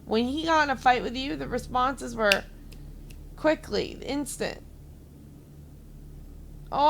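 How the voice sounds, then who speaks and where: A woman's voice: high voice, gravelly, a bit bright, slight background noise. A woman streamer venting to her chat in a heated, rambling way.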